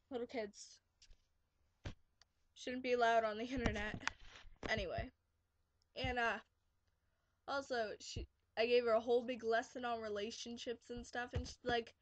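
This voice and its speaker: A woman's voice: on the high side, little pitch movement, measured pace, long pauses, no room sound. A teenage girl ranting sarcastically in a casual vlog from her bedroom, full of filler words. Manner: sarcastic ranting, quotes kids in mocking voices. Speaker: vlogger. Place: bedroom, sitting on her bed.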